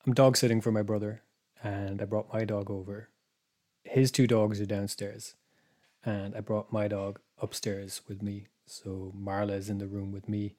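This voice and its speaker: A man's voice: on the low side, dark tone. A man, a podcast co-host telling a story in casual chat, meandering and hesitant, dropping to a whisper for his own thoughts.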